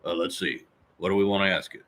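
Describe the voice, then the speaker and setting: A man voicing a folksy, rambling middle-aged handyman who clears his throat often while chatting with viewers. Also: low voice, fast talker, fairly bright tone. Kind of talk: live-stream character chat reading viewer comments.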